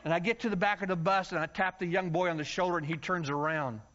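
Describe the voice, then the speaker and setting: A man from the United States preaching a story-filled sermon, acting out voices and yelling for comic effect. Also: high voice, fast talker, slight background noise. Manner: animated, acts out voices and yells for comic effect. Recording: dull lo-fi sound.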